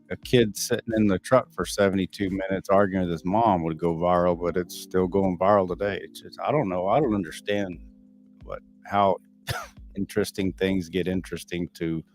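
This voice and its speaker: Middle-aged Texan man, very low voice, blunt and cussing livestream host, faint music underneath. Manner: candid, blunt and profane, answering viewers off the cuff. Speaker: livestream host reading chat. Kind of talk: casual live stream chat.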